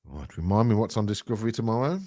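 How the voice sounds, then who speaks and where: A man's voice: on the low side, lively intonation, fast talker, warm tone, no echo, studio quality. A man co-hosting a casual chat show, blunt, dismissive and jokey. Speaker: podcast co-host.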